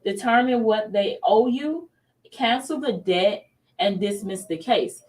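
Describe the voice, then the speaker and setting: A woman's voice: medium pitch, slow pace, distant mic. A woman in her thirties hosting a casual faith talk show, telling stories animatedly and acting out what people said. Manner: animated storytelling, acts out quotes. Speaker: show host.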